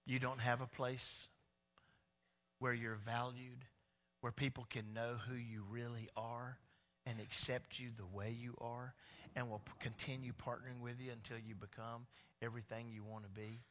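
A man's voice: medium pitch, flat delivery, normal speed, fairly bright tone, big-room sound. A male pastor preaching a sermon in an emphatic, conversational way, building points through repetition with frequent restarts.

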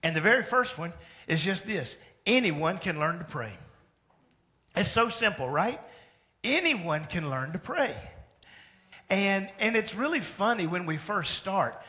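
A man preaching a sermon in a church, talking in a conversational, animated way and acting out bits of dialogue. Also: high voice, measured pace. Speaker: pastor. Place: church sanctuary.

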